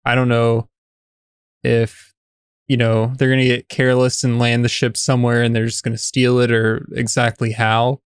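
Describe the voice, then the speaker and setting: A man's voice: mid-range voice, normal speed, clear, resonant tone, dry recording, clean studio sound. A man co-hosting a casual chat about a TV episode, talking in an easy way with many fillers and restarts. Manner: even, relaxed, lots of fillers and restarts. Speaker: podcast co-host.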